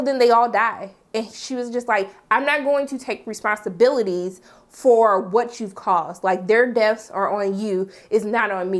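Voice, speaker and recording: A woman giving a casual TV episode recap and review, chatty and animated, acting out the scenes and breaking in with sassy asides. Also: mid-range voice. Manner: chatty, animated retelling with playful sass.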